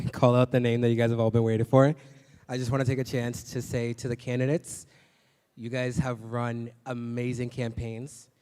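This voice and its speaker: Upbeat man announcing results, smooth voice. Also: mid-range voice, a little mellow. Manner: upbeat, building suspense. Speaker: election announcer. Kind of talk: announcing results at a live event. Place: large hall. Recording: long reverb in a large hall.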